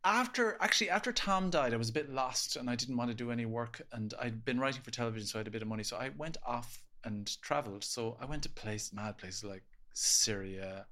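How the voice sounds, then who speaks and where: A man's voice: mid-range voice, a little fast, few pauses, bright, forceful tone. An Irish man chatting casually as a podcast guest, laughing easily and trailing off with fillers. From Ireland. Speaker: podcast guest, screenwriter and actor. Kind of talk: casual interview chat.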